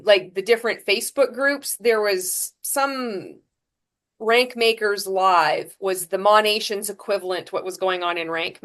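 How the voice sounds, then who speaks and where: A woman guest on a podcast, telling her story frankly, with lively restarts and fillers. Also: mid-range voice. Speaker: podcast guest, former MLM seller. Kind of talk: candid storytelling interview.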